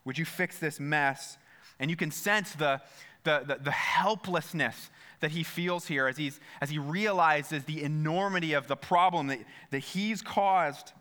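A man's voice: fairly high pitch, unhurried, bright, forceful tone. A man preaching a sermon in a church, earnest, often repeating phrases and speaking straight to his listeners. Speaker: pastor.

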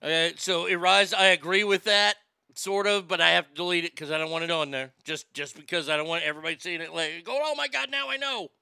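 Male stream host, profane ranting chat; smooth, clear voice, dry close sound. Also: fairly high pitch, level tone, a little fast, sharp tone, no echo. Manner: ranting, profane, reads viewer comments aloud. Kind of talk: casual live stream chat.

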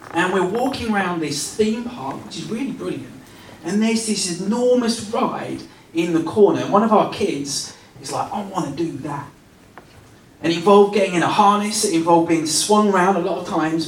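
A man giving a relaxed, self-deprecating sermon built around a family story, recorded in a church hall. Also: sits high, slight background noise. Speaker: pastor. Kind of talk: sermon with personal stories. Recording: roomy sound from a distance.

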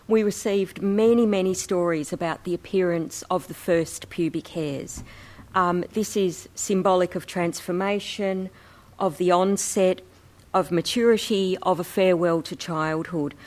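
A woman presenting slides to an audience in a measured, explanatory way. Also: on the low side, a little mellow. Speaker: presenter, co-editor of a book. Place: talk before an audience.

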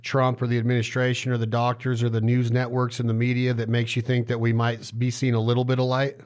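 A middle-aged man from Nevada hosting a casual podcast chat, energetic and rambling, listing things in quick runs. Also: mid-range voice. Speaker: podcast host.

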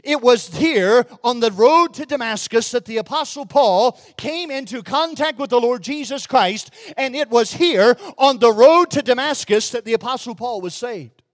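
Southern preacher with a high voice. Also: male voice, lively intonation, no echo. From Mississippi, USA. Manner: emphatic preaching, slows and rises for quoted lines. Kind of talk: sermon.

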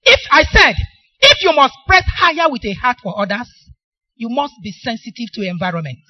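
A woman's voice: a little high, sing-song, moderate pace, no room sound, lo-fi sound. A middle-aged woman with a Nigerian accent preaching a sermon, emphatic and asking the congregation questions for them to answer.

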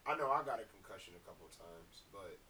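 Young male co-host, rapid and profane, middle-pitched, slightly off-mic with faint hiss. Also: lively intonation, bright, forceful tone, recorded from a distance, rough recording. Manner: profane, emphatic storytelling. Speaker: podcast co-host. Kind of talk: casual chat.

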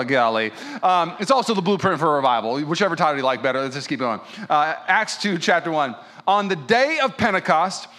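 Fervent male pastor, bright voice. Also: a little high. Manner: fervent, swings between loud preaching and quiet prayer. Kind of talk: sermon.

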